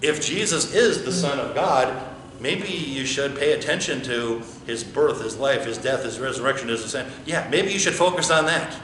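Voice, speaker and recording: A man's voice: medium pitch, animated, normal speed, a bit bright, slight background noise. A man with an American accent, a pastor preaching a conversational sermon and asking his congregation questions. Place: church sanctuary. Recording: echoey church with faint ambience.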